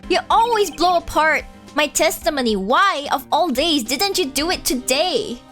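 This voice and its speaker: A woman voicing a gruff, excitable male police detective who ends his lines with "pal", read aloud from a game on a livestream. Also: high-pitched, moderate pace, soft background music. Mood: rueful.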